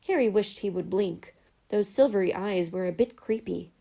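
A woman narrating a storybook in a calm, even reading voice. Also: mid-range voice, normal speed, vocal fry.

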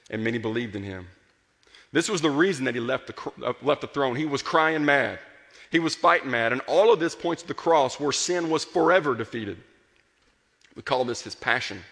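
A man delivers a sermon in an earnest, passionate way, building up to strong emphasis and then falling quiet. His voice is bright and forceful. It rings with a long reverb, as in a large hall. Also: medium pitch. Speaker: pastor.

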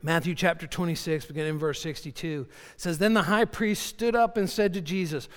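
A male pastor delivering a sermon, moving between loud, dramatic readings and quiet, low emphasis. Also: a little fast, hardly any pauses, in a large hall. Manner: animated preaching, voicing Job's cries with rising pitch and dropping low for emphasis.

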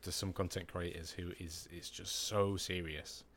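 A man co-hosting a casual podcast chat, rambling in a relaxed way and swearing casually. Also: deep voice, unhurried. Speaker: podcast co-host.

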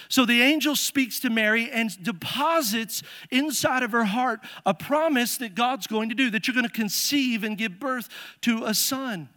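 A male pastor delivers an animated sermon in a church, his voice strikingly high and bright. His emphasis keeps rising as he presses his points. The sound carries a long echo from the church hall. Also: normal speed. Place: church sanctuary.

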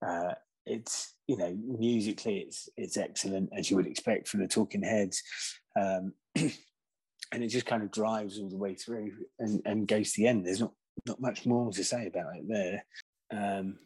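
A low, husky-voiced man co-hosting a podcast. He talks about music in a loose, rambling way, full of fillers and restarts. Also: fairly even intonation, moderate pace, a little mellow. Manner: rambling, hesitant, lots of fillers. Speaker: podcast co-host. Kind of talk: casual music chat.

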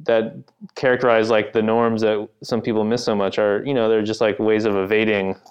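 A man's voice: fairly low pitch, little pitch movement, fairly quick, muffled recording. A man, the author guest on a podcast, talking in a thoughtful and hesitant way with many fillers. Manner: thoughtful, hesitant, laughs easily. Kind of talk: casual podcast chat.

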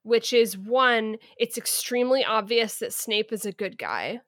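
A woman co-hosting a podcast, giving firm opinions in a halting, deliberate way. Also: a little high, lively intonation, a bit bright, no room sound, studio quality. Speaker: podcast co-host. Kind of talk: casual book discussion.

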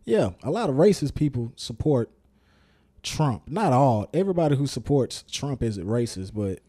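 A man's voice: medium pitch, lively intonation, normal speed, dark tone. A man co-hosting a casual podcast, blunt and emphatic, swearing freely. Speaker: podcast co-host. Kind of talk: casual chat.

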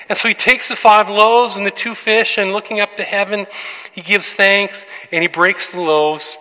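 Bright-voiced male preacher in a reverberant hall. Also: sits high, normal speed. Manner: animated storytelling with frequent restarts and rhetorical questions. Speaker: pastor. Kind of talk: sermon. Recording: long reverb of a large hall.

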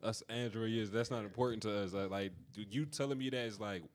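A man's voice: on the low side, fairly even intonation, fast. A man co-hosting a casual podcast, talking in a laid-back, drawling way. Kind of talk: casual chat.

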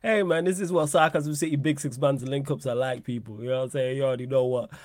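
A man's voice: mid-range voice, fast, darkish tone, no echo, clean studio sound. A man with a Manchester accent hosting a football live stream, chatting casually and reading out super chats. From South Manchester. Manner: laid-back, reads out super chats. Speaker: host of a football channel.

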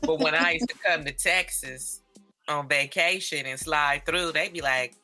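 A woman's voice: deep voice, a little slow, bright, forceful tone, faint music behind. A woman from Northern California co-hosting a podcast in casual chat, slangy and laid-back, laughing often. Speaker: podcast co-host.

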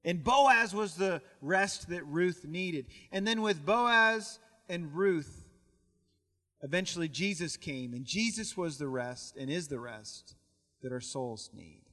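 Male pastor, fairly high voice, storytelling sermon, long church reverb. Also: animated, takes it slowly, fairly bright tone. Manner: storytelling, repeats words as he goes. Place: church sanctuary.

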